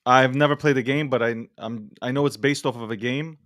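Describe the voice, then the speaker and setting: A man hosting a casual podcast, telling stories in an animated, profane, laughing way. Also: mid-range voice, brisk, dry recording, studio quality. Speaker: host.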